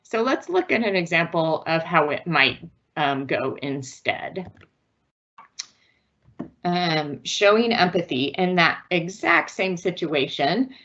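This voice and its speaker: A woman's voice: fairly low pitch, lively intonation, slow, a bit bright, highs cut off. A woman giving a virtual parenting presentation in an earnest, patient, instructive way. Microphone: video call.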